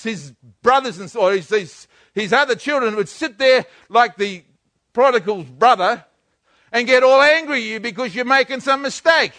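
Older man, pastor, sermon, animated, dry sound. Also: extremely high pitch, moderate pace, no room sound. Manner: animated, swings from hushed to loud.

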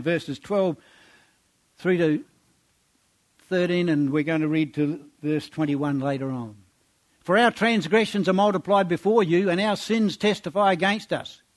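A man preaching a sermon, reading scripture aloud and exhorting his congregation with rhetorical questions, dropping low and quiet on his words of praise.

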